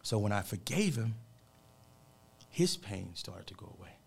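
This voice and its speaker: A man's voice: lowish voice, very animated, a little slow, vocal fry, breathy edge. A man who works as a motivational speaker, telling a personal story with heartfelt, emphatic, almost preacher-like earnestness during a radio interview.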